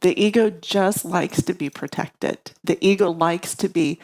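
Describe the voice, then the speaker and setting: A woman's voice: fairly low pitch, unhurried, hardly any pauses, darkish tone. A woman yoga teacher giving a reflective spiritual study lesson, often searching for words.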